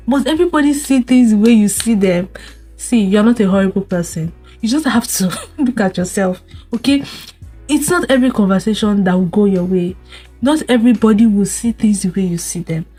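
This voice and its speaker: Husky woman lecturing viewers. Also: on the high side, a little mellow. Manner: scolding rhetorical questions, repeats words, frequent laughs. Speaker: vlogger. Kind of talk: casual advice monologue to camera.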